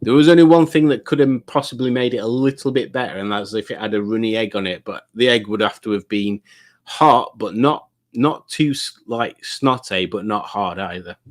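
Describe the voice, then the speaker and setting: A man's voice: on the low side, moderate pace. Chatty man reading live chat. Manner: rambling, chatty, reads viewer comments aloud. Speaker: livestream host. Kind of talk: casual livestream chat reading comments.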